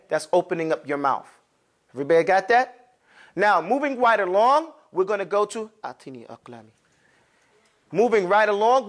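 High-voiced man teaching a class. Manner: animated, demonstrates sounds with exaggerated mouth shapes. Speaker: Arabic pronunciation teacher. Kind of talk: classroom lesson. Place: classroom with students.

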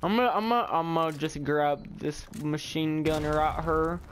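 A young man casually commenting on his own gameplay, rambling and excitable, often repeating exclamations. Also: a little high, normal speed, slight background noise. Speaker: gaming YouTuber. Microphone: headset or desk mic.

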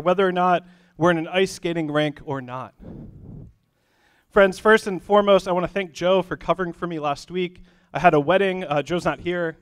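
A man with a high, smooth voice preaching a sermon in an easygoing, joking way. His delivery is casual and conversational, with small fillers along the way. The sound is close and dry. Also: no echo. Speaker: pastor. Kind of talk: sermon with a told joke. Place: church sanctuary.

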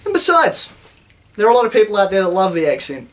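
Fast and high-pitched, with huge swings in pitch, a young man from New Zealand rants in a satirical vlog. The YouTuber's delivery is sarcastic, mock-indignant, and laced with heavy swearing in his New Zealand accent.

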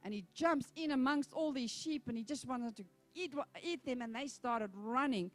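High-voiced woman pastor preaching. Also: moderate pace. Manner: animated storytelling, conversational. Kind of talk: sermon.

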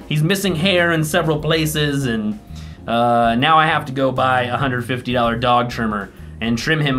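A man vlogging, telling a story in a casual, animated way, swearing and mocking people through quick impressions. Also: on the high side.

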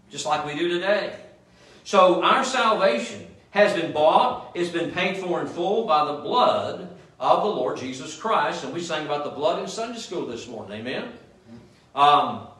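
A male pastor with a high, slightly bright voice preaches a sermon in a church sanctuary, frequently asking the congregation "Amen?" The recording is echoey, with the mic placed at a distance.

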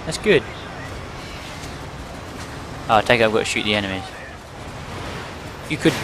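Excitable gamer over loud gunfire. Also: male voice, on the low side, moderate pace, pauses often. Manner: excitable, swearing, self-mocking. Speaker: gaming channel host. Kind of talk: gameplay commentary. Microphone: desk microphone. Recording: loud game sounds behind. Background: gunfire and vehicle noise from the game.

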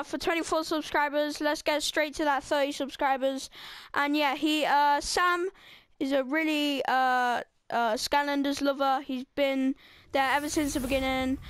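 A high-voiced woman talks through a video game in a casual, rambling way, full of "uh"s and blunt, offhand remarks. Game music plays clearly under her voice. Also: dry recording. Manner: rambling, filler-heavy, blunt. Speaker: gameplay host. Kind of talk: casual gameplay commentary.

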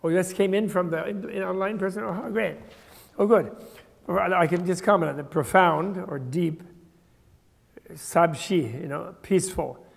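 An older man lectures on translation, his voice slightly high and gravelly. He explains at length, correcting himself mid-sentence. The sound carries a long hall reverb. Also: unhurried. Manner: thoughtful, explanatory, with restarts. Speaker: Buddhist teacher. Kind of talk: lecture to a class.

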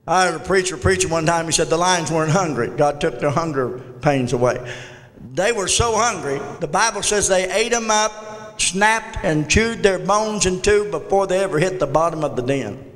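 A pastor preaching a fervent sermon in a church, repeating phrases and building to shouted climaxes. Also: male voice, fairly high pitch, normal speed. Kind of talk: Pentecostal sermon. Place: church sanctuary. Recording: long church reverb.

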